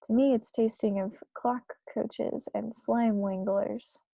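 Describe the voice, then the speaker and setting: Woman doing storybook giant: old, kindly, earnest, gravelly edge. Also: fairly high pitch, steady tone, slow, no room sound, full character voice. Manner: garbled grammar, loud and earnest. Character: huge kindly old male giant, muddled talker.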